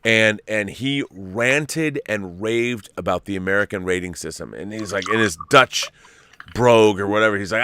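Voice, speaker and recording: A man in his fifties hosting a casual podcast chat, telling stories in an animated, profane way. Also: on the low side, normal speed, clean tone, dry recording. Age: 50s. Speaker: show host.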